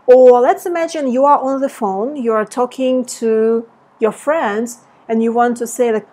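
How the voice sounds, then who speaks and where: A woman teaching a language lesson in English, explaining grammar and repeating example phrases slowly. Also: on the high side, a little mellow. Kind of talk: slow language lesson with read-aloud examples.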